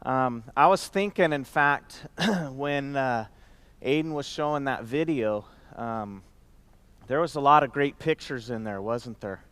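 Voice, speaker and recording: A man's voice: medium pitch, unhurried, smooth, dry recording. A man giving a casual, heartfelt talk to an audience, rambling with fillers and restarts. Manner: warm conversational with many fillers and restarts. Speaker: company executive speaking at event. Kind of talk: casual heartfelt stage speech.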